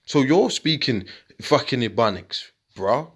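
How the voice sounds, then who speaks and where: A man's voice: mid-range voice, lively intonation, measured pace, slightly rough. A man giving an informal scripture lesson, rambling and combative, dropping slang asides as he works through the words on his screen. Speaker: video teacher.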